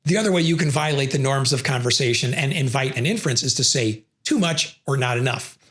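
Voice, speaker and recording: Fairly quick and fairly bright in tone, this medium-pitched educational presenter walks through communication theory, pausing the explanations to perform example refusals.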